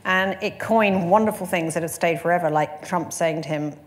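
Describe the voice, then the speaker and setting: A woman editor with a low voice shares stories in a panel conversation. She talks briskly and chattily, breaks into laughs, and has a faint hum of room noise behind her. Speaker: magazine editor.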